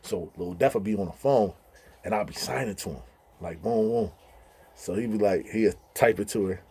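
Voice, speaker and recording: A man's voice: fairly low pitch, normal speed, mellow, slightly rough. A man hosting his own channel, telling stories in a slangy, loose style full of asides. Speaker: channel host, storyteller. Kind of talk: casual storytelling.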